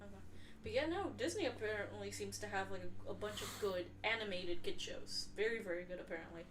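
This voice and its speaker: A woman's voice: medium pitch, quick pace. Woman, hesitant casual talk, distant mic, echoey room, background noise. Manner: hesitant, restarting. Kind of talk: casual chat.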